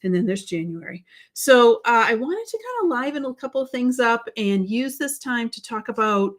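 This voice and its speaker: A woman's voice: fairly high pitch, big pitch swings, normal speed. Chatty woman hosting a craft livestream. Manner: chatty, greets viewers by name, many fillers and restarts. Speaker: livestream host. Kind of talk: casual live-stream chat.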